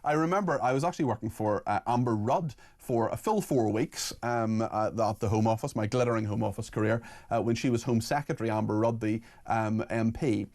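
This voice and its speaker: A man hosting a radio phone-in, talking quickly with frequent restarts. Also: mid-range voice, a little mellow. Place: radio studio.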